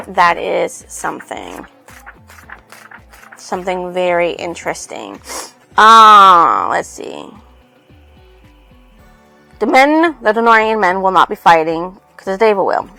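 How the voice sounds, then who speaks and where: A woman's voice: medium pitch, creaky, pushed and bright, low-quality recording. A woman casually recapping a novel for her channel, rambling and loosely reading out quotes from it. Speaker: book reviewer.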